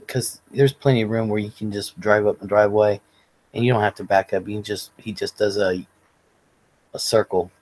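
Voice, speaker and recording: A man's voice: lowish voice, a little mellow, low-quality recording. A man hosting a casual livestream, telling rambling, profane stories and chatting with viewers. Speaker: livestream host.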